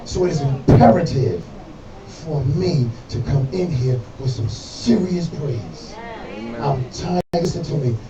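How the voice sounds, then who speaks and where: Man preaching, call-and-response, loud congregation, distant mic. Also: medium pitch, animated, measured pace, lo-fi sound, a crowd in the background. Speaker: pastor. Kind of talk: sermon. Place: church sanctuary. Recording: echoey church room, voice from afar. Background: congregation responding, organ music.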